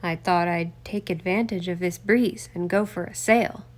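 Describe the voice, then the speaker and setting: A woman voicing a smooth, courteous middle-aged male politician who turns defensive and threatening. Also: steady tone, normal speed, lightly acted. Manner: courteous, then low and threatening.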